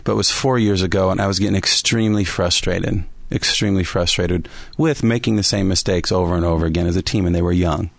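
A man's voice: low voice, fairly even intonation, fast talker, gravelly, few pauses, no room sound. A man co-hosting a faith podcast, telling a story animatedly and laughing at himself often. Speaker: podcast co-host and basketball coach.

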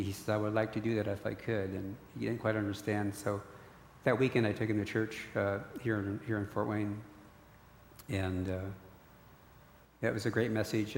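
A man's voice: fairly low pitch, slight background noise. A middle-aged man, earnestly telling a personal faith testimony with frequent restarts. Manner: storytelling, repeated restarts, earnest. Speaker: guest sharing a testimony. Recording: echoey hall recording.

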